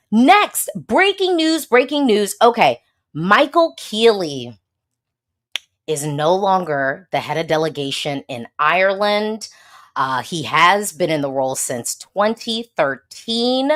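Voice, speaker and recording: A woman from the United States, a Eurovision blogger, hosts a casual livestream in a lowish, fairly bright voice. She chats sassily while answering viewer comments, laughing often and repeating things for emphasis.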